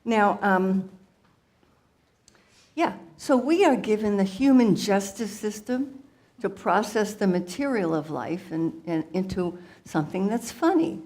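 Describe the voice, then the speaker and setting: A woman voicing a playful, brash female guru alter ego who jokes loudly and laughs between lines. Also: mid-range voice.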